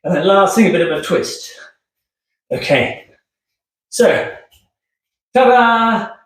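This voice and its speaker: A man's voice: sits high, animated, takes it slowly. A man demonstrating rehab exercises in an upbeat, chatty way, keeps asking okay, getting out of breath. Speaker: physio instructor. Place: room with hard floor. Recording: echoey room, distant mic.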